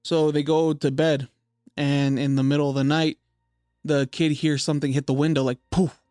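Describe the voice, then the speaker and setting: A man's voice: a little high, level tone, moderate pace, darkish tone, clean tone, no echo, clean studio sound, faint music behind. Casual young man telling a spooky story. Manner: retells a story loosely, heavy filler and swearing. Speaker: podcast host.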